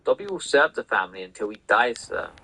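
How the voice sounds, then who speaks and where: A man voicing a small, earnest male house elf who is servile and self-punishing, speaking in a high, pleading voice while he reads a novel aloud. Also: very animated, quick pace, bright, forceful tone, rough recording. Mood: anguished. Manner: high-pitched, pleading, says sir constantly. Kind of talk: reading a novel aloud over gameplay.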